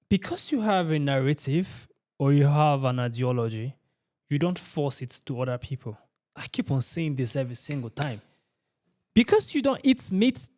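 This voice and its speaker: A man's voice: a little high, a little mellow. A man hosting a reaction channel, giving emphatic, repetitive ranting commentary. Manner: emphatic and repetitive, asks "you understand?".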